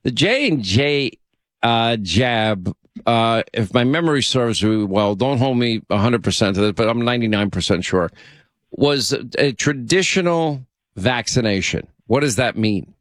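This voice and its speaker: A man's voice: medium pitch, lively intonation, measured pace, a bit bright, no echo. A man hosting a talk radio show, chatty and opinionated, bantering with his co-host and taking calls.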